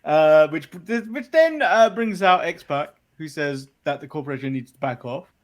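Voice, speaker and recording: A man's voice: a little high, expressive, a little slow. A man from the UK hosting a podcast, recapping events casually and laughing often. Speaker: podcast host.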